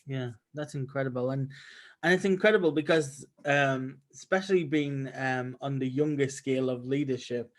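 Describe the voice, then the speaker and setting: A man's voice: mid-range voice, moderate pace. A man hosting a podcast who asks his guest polite, curious questions. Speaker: podcast host. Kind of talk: casual interview questions.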